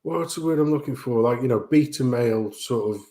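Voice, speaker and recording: A man co-hosting a casual stream chat, ranting and swearing in an animated way. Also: medium pitch, a little fast. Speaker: stream co-host.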